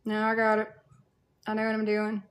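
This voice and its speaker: A woman's voice: medium pitch, monotone, moderate pace. A woman with a Southern US accent chatting casually on a livestream, reading out viewers' comments and greeting them in a playful, sassy way. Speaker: livestreamer in cosplay.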